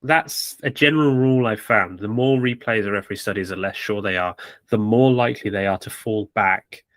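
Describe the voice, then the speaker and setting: A man co-hosting a podcast, giving opinionated, measured analysis in casual chat. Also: fairly low pitch, a bit bright, dry recording. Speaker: podcast co-host.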